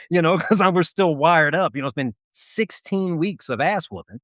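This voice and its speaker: A man co-hosting a casual chat, telling an army story in an animated, profane way with frequent laughter. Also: fairly high pitch, normal speed, few pauses, dry recording, clean studio sound. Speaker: podcast co-host.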